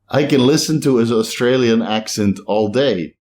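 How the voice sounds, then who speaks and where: A man's voice: mid-range voice, brisk, few pauses, darkish tone. A middle-aged man with a slight Dutch accent, chatting casually to camera as he reads out and answers viewer comments. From Netherlands. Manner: rambling, chatty, self-deprecating. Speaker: bodybuilding channel host. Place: home in a hot climate.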